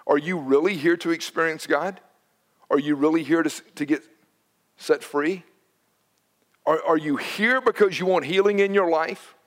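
A man preaching a sermon to his congregation, animated and shifting between loud emphasis and hushed tones. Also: a little high, normal speed, long pauses. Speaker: pastor. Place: church sanctuary.

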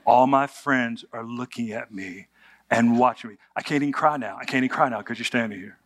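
A man's voice: medium pitch, a little fast, no room sound, lightly acted. An embarrassed young athlete pleads in a whiny voice for his mother to go back to the stands, as a preacher plays him. The delivery is mock-dramatic, as in a sermon anecdote. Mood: pleading. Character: embarrassed young man hurt on the field.

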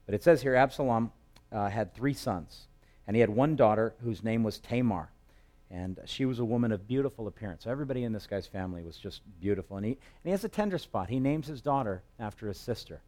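A man preaching a sermon, telling the story with humor and swelling loud and high at emotional peaks. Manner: lively storytelling with humor and dramatic quotes. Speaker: pastor.

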